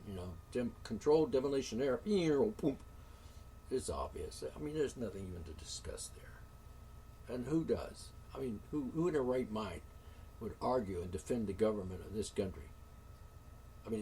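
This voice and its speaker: A man's voice: on the low side, recorded from a distance, slight background noise. A man hosting a solo talk show, ranting indignantly with curses, sighs and sarcastic asides. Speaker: show host.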